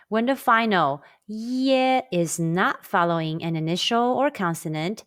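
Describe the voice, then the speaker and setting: A woman narrating a language lesson, drilling sounds slowly and carefully for learners to repeat. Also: medium pitch, expressive, clear, resonant tone. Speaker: language teacher.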